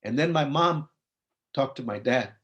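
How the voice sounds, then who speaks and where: This man, a psychologist and program founder in his fifties from Compton, California, shares a heartfelt personal story at a briefing, acting out the conversations. His mid-range voice is expressive and a little slow, with the high frequencies cut off.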